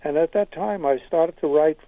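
A man's voice: on the high side, normal speed, dry recording. Older man, wry storyteller, tinny phone line. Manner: hesitant restarts, wry. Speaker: guest, comedy writer. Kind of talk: interview answers, storytelling.

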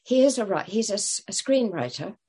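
A woman's voice: mid-range voice, big pitch swings, fairly quick, warm tone, breathy edge. An older woman telling stories as an interview guest, hesitant, with many fillers and restarts. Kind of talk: casual interview storytelling.

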